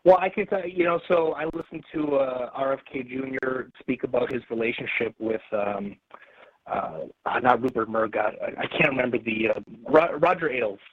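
A man's voice: medium pitch, moderate pace, slightly rough, dry recording. Young man calling in over a dull line. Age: young adult. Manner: hesitant, many fillers and restarts. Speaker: caller. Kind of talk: call-in radio talk.

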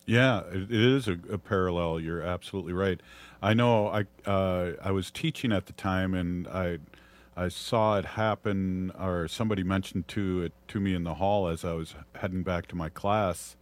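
A man with a Minnesotan accent hosting a talk show, speaking haltingly with many fillers. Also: low voice, steady tone. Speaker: host. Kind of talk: reflective podcast conversation.

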